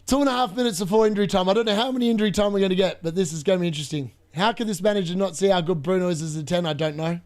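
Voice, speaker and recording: Man, young adult, high voice, excitable live match watch-along, laughs a lot. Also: very fast, few pauses. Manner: excitable, laughs often, talks to chat. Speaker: fantasy football streamer.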